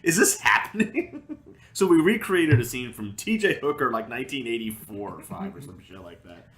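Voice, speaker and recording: A man's voice: medium pitch, very animated, normal speed, fairly bright tone. A man co-hosting a podcast, telling a story in casual chat, acting out the people he quotes and laughing often. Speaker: podcast co-host. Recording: roomy echo.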